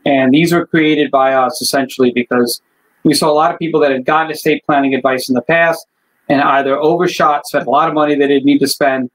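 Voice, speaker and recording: A man, an attorney, speaking as a guest on a video call in a casual interview, animated when telling a story. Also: a little high, a little fast, low-quality recording. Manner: animated storyteller, acts out voices in jokes. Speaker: estate planning attorney, guest. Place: law office.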